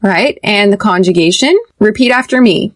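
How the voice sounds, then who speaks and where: On a podcast, an American woman teaches English pronunciation, speaking slowly and deliberately so learners can repeat after her. Her voice is mid-range and the recording is dry.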